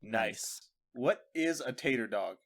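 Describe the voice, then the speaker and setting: A podcast co-host in casual chat, reacting with animated jokes. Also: mid-range voice, slow. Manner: animated, joking.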